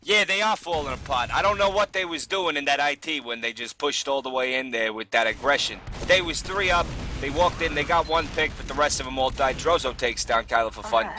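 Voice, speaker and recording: Male caster, excitable play-by-play, pitch leaps on big moments. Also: a little fast, few pauses, a little hiss or hum. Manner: excitable, voice jumps up in big plays. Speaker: esports caster. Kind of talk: live play-by-play commentary.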